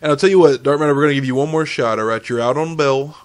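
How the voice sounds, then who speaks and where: A man's voice: a little high, racing. Joking man hosting a podcast. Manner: joking, laughs easily, swears casually. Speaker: podcast host. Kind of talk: casual podcast banter.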